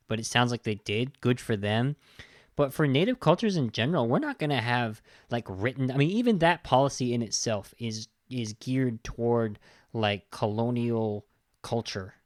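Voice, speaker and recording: A man of middle pitch talks through a film review in casual, heated podcast chat, often restarting sentences and swearing in exasperation. The sound is close and dry, with no room around it. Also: no echo. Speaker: podcast host.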